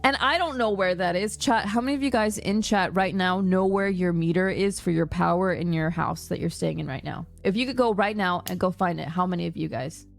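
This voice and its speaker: A woman's voice: fairly low pitch, brisk, creaky, few pauses. A young woman streamer telling a story to her chat in a casual, exasperated rant, acting out the other people's lines. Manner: exasperated, animated retelling with quoted dialogue.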